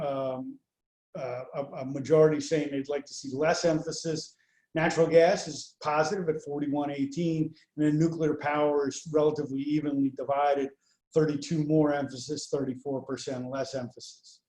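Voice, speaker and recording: A man presenting poll results over slides in a measured way, with many fillers between the figures. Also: on the high side, dark tone, reverberant. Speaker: pollster presenting survey results.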